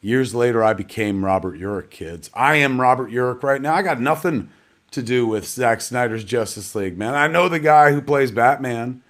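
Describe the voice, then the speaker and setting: A man's voice: medium pitch, moderate pace, fairly bright tone. A middle-aged man hosting a live online premiere show, rambling casually and poking fun at himself, dropping "man" and "kids" as he talks. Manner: chatty, rambling, self-deprecating, peppered with "man" and "kids". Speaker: host.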